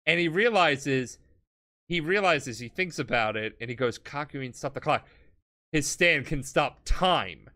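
A man's voice: fairly high pitch, lively intonation, pushed and bright. A drunk man on a comedy podcast, loosely recapping an anime plot in a rambling, sweary way and briefly acting out the characters' lines. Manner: loose, sweary, acts out characters in quick snippets.

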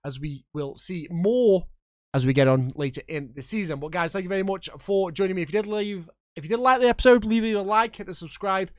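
Excitable gamer commentating. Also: male voice, sits high, brisk, no echo, studio quality. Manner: excitable, shouts at the referee and commentator, chatty with viewers. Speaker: gaming YouTuber. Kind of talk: game commentary.

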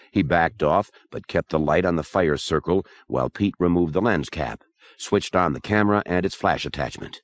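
A man narrating a horror audiobook in a steady, measured reading. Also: low-pitched, dry recording.

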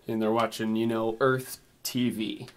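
A man's voice: on the low side, level tone, a little slow. A man co-hosting a casual podcast, rambling with lots of fillers and frequent laughs. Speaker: podcast co-host reviewing a film. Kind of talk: casual chat.

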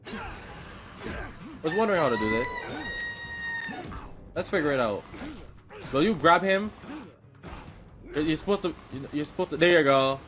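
A man's voice: a little high, lively intonation, normal speed, pauses often, noisy background. Chatty young man commenting on a game. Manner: chatty, repeating himself. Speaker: gameplay commentator. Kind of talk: casual gaming commentary.

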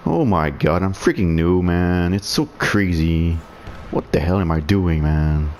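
A man with a deep, low voice talks slowly through his online shooter match, sarcastic and swearing as he grumbles about the other players. English is not his first language; he grew up speaking French. A faint hum sits under his voice. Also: animated, darkish tone. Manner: sarcastic, swearing, frustrated muttering. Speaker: gaming streamer. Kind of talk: live gameplay commentary.

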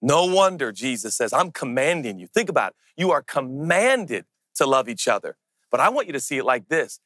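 A man preaching a sermon as pastor, earnest and intimate, slowing down to press on key words. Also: mid-range voice, very animated, fairly bright tone, no room sound.

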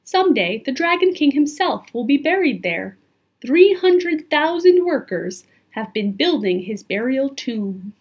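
Old male scholar, grave and kindly, patient explainer, slow and breathy; a woman reads him. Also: high voice, sing-song, full character voice. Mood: explaining.

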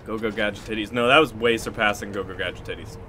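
A man's voice: on the low side, fairly even intonation, fast talker, noisy background. A man commentating a live game stream, swearing often and raging at his losses, then laughing it off.

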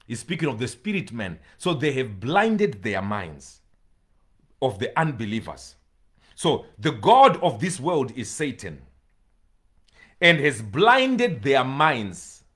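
Male preacher, husky and unhurried, emphatic sermon delivery with repeated words. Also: medium pitch, big pitch swings, fairly bright tone. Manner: emphatic, repeats key words, pleading at times.

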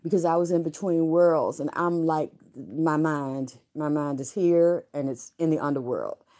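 A middle-aged woman with a notably low, deep voice talks straight to her viewers. Her storytelling is candid and loose, wandering from point to point with blunt, salty words. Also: a little slow, warm tone. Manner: frank, rambling, salty, with profanity. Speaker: vlogger.

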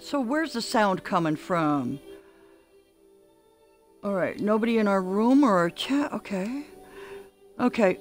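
An older woman livestreaming a game, chatting excitedly and calling out orders to her teammates. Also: medium pitch, slow, long pauses, faint music behind. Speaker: gaming streamer. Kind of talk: live gameplay commentary.

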